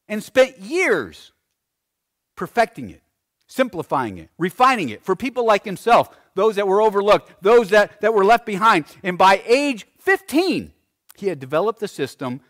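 A pastor with a high voice preaches a sermon, shifting between loud emphasis and hushed phrases. He often repeats words as he presses a point.

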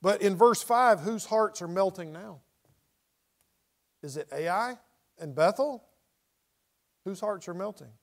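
Middle aged guy teaching bible study, high voice, acts out the verses, chatty asides. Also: lively intonation, slow pace, pauses often. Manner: reads scripture aloud with dramatic inflection, conversational asides.

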